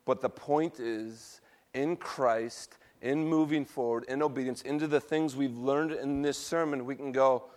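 A middle-aged male pastor delivers a sermon in an easy, conversational voice of medium pitch. He tells personal stories, trips over his words now and then, and laughs at himself. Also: fairly even intonation, a little slow, darkish tone.

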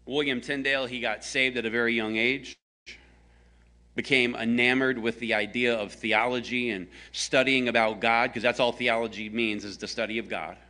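A man's voice: medium pitch, fairly even intonation, normal speed, bright, forceful tone. A man from the American South preaching a conversational sermon, telling a story with jokes aimed at his congregation. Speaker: pastor.

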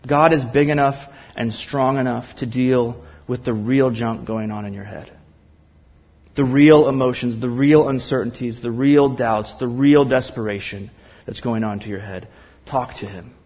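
A man's voice: medium pitch, moderate pace, highs cut off. A man preaching a sermon in church, earnest and impassioned, with emphatic repetition. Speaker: pastor.

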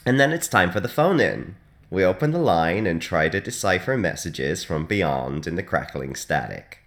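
Very deep-voiced deadpan radio DJ man. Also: moderate pace. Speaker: hospital radio DJ. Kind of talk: deadpan comic radio monologue.

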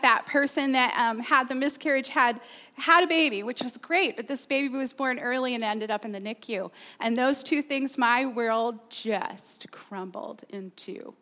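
A woman's voice: high voice, pushed and bright. A middle-aged woman pastor preaching a sermon, earnest and personal, asking her listeners questions.

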